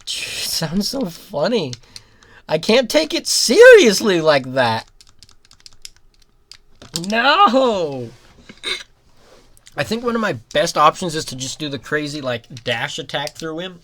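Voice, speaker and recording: Giggly rambling gamer, lively pitch. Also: moderate pace. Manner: rambling, giggly, with sudden loud outbursts at the game. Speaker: gaming commentator. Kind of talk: casual let's-play commentary.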